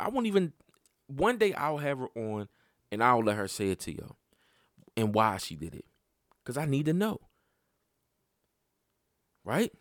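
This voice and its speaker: A man hosting a podcast, telling a personal story in casual, profane talk that climbs sharply in pitch when he gets worked up. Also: measured pace, pauses often, dry recording, studio quality. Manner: animated and profane, voice jumping up when heated. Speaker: podcast host.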